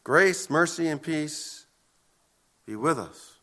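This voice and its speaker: A man preaching a sermon as pastor, earnest and emphatic, with deliberate pauses between phrases. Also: on the high side, expressive, a bit bright.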